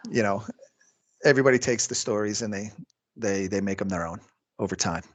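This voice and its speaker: A man's voice: fairly low pitch, brisk. A man who coaches jiu-jitsu, chatting casually on a podcast, rambling with lots of fillers and frequent laughs.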